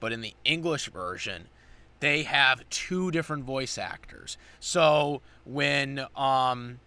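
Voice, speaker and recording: A man's voice: mid-range voice, slow pace, sharp tone, smooth, dry recording. Rambling man recapping an episode. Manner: rambling, many fillers and restarts. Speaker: anime reviewer.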